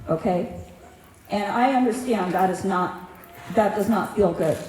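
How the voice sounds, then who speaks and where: A woman's voice: mid-range voice, dark tone, a little hiss or hum. A middle-aged woman giving an earnest, heartfelt public comment at a community meeting, plain-spoken and personal. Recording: echoey meeting room, faint ambience.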